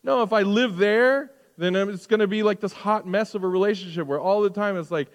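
A middle-aged man with a high voice preaches in a casual, conversational way. He throws out rhetorical questions and swings from loud emphasis to soft, hushed lines. His voice carries a long reverb, as in a large church. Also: a little fast, few pauses. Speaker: pastor. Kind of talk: sermon.

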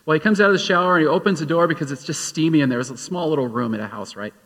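A man's voice: on the high side, racing, a bit bright. A man preaching a sermon as pastor, telling a story and then urging his listeners with rising emphasis. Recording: long hall reverb.

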